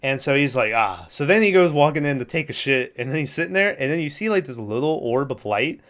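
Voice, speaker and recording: A man's voice: on the high side, expressive, fast talker, a bit bright. A man co-hosting a podcast, casually recapping a movie plot in a rambling way, laughing often and acting out the characters' lines. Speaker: podcast co-host.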